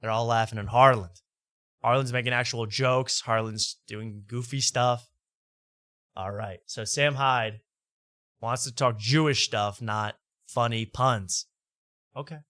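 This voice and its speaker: A man's voice: medium pitch, fairly even intonation, measured pace, bright, forceful tone, no echo, clean studio sound. A man hosting a show, giving wry, mocking casual commentary on a podcast clip. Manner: wry, mocking, laughs as he talks. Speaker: host reacting to podcast clips.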